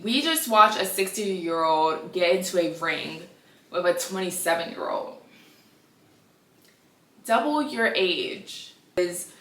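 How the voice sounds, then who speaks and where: A woman in her twenties hosting a casual gossip podcast, chatty and animated with sassy asides. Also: mid-range voice, recorded from a distance. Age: 20s. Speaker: podcast host. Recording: echoey room, a bit off-mic.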